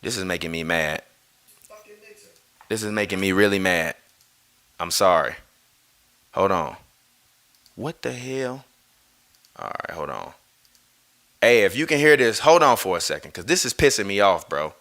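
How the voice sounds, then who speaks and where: Very animated and forceful, this man speaks in a bright, lowish voice at normal speed, pausing often. Hosting a live basketball stream, the podcast host rants with swearing, argues with viewers, and apologizes for problems with the mixer he streams through.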